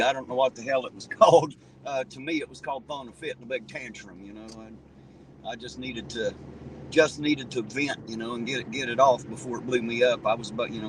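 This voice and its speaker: A man's voice: medium pitch, slight background noise. Blunt, profane man rambling on a livestream. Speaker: livestream host reading viewer comments. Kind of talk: casual livestream chat.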